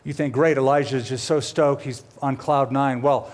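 A middle-aged man preaching a sermon, telling a story with lively, animated delivery and acting out quoted characters. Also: normal speed. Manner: animated storytelling, voices quoted characters with big pitch swings. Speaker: pastor.

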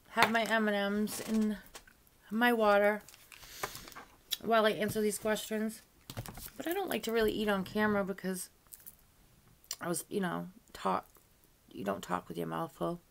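An older woman talks straight to her viewers in a relaxed beauty-vlog chat. Her voice sits in an ordinary middle range, and she drifts from point to point with easy asides and little laughs. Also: mid-range voice, slight background noise. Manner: chatty and rambling, with frequent "you know" asides and light laughs. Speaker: beauty vlogger. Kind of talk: casual chat to camera.

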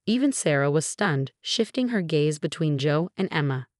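Steady and measured, a woman performs a scripted family drama in the first person. She has a lower-pitched voice, and the close recording carries no room sound or echo.

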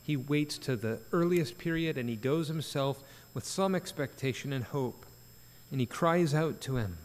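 A man's voice: medium pitch, normal speed. A man preaching an earnest sermon at a church prayer meeting, rising to emphatic peaks. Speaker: pastor. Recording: church sanctuary with long reverb.

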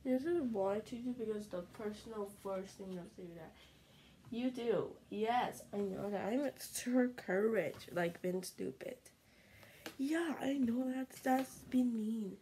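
A woman vlogging in casual, excitable chatter, pleading and dropping into whispers. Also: fairly high pitch, a little slow, slight background noise, rough recording.

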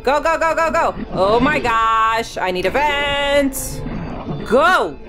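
A woman talks her way through a video game, chattering to herself and breaking into sudden high shrieks. Her pitch leaps up and down constantly, very animated. Clear game music plays underneath her. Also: slow. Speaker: gaming channel host. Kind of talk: live gameplay commentary.

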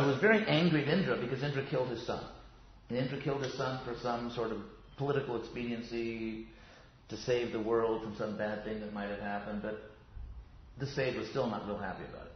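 A man gives a relaxed, wandering lecture on yoga philosophy, trailing off into asides and restarting his sentences. His voice sits in a middle pitch. The recording is roomy and a little muffled, as if taken in a classroom. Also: a little hiss or hum. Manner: chatty, digressive, many fillers and restarts. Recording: roomy, dull sound.

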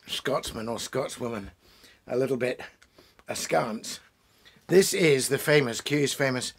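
A man's voice: mid-range voice, vocal fry, slightly rough. A man, a poet, chatting casually in his home study lined with books, rambling through digressions and restarts as he introduces poems. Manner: pausing for pipe and drinks while talking. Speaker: poet hosting a reading.

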